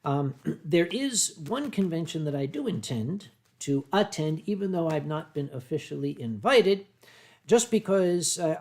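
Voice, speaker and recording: A middle-aged American man talks in a Philadelphia accent, answering his stream chat at an easy ramble. His voice sits a touch high for a man. He clears his throat often and trips over his own restarts. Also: a little mellow. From United States. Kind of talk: casual livestream chat.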